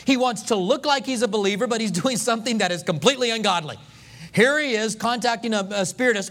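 Male pastor, high-pitched, animated sermon storyteller with comic asides. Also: quick pace. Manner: animated storytelling, acting out scripture voices with humor.

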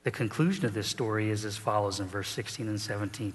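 A man's voice: on the low side, brisk, few pauses, in a large hall. A middle-aged man preaching a sermon as pastor, telling the story with animation and acting out the people in it.

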